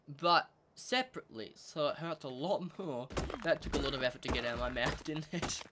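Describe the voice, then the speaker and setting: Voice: mid-range voice, brisk. A gaming channel host, chatting through gameplay commentary and talking to the animals in the game. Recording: steady background noise.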